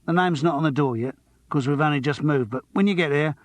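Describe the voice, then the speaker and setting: A man's voice: on the high side, fast talker, no echo, natural voice. A man voicing a tough male talent agent with a Cockney accent, curt and businesslike.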